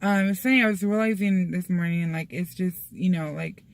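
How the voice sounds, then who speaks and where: Talking briskly in a lowish voice, a young vlogger from a Mexican-American family chats to camera. Her speech is full of fillers, with Spanish phrases slipped in.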